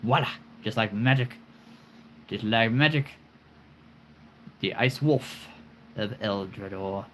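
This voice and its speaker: A man's voice: lowish voice, takes it slowly, long pauses, a little hiss or hum. A man in his forties hosting a live stream, chatting casually and playfully about his collection, rambling with chuckles and puns.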